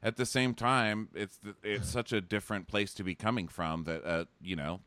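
A man's voice: fairly low pitch, steady tone, moderate pace, a bit bright, clear, resonant tone, no room sound. A young man co-hosting a casual recap chat, snarky, acting out people's lines in mocking voices. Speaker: podcast co-host.

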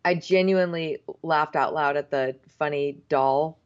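A woman's voice: low voice, a little slow. Blunt woman on a dull lo-fi line. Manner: blunt, exasperated opinions. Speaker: podcast co-host. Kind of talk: casual chat recapping a TV show.

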